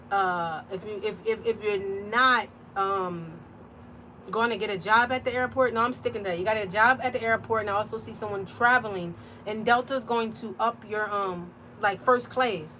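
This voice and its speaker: A woman's voice: mid-range voice, a little hiss or hum. A woman, talking casually and rambling to her viewers with many fillers and restarts, as an intuitive reader. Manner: chatty, warm-hearted, rambling with fillers and restarts. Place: outdoors on a porch.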